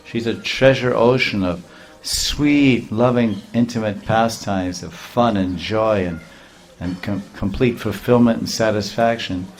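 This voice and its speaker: A man with a fairly low voice preaches a sermon. He tells stories in an animated way, chuckles often, and pauses to explain terms.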